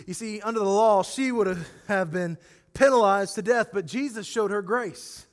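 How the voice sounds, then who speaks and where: A male pastor preaching a sermon, animated and acting out scripture scenes as he speaks directly to his congregation. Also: high voice, moderate pace, long reverb tail.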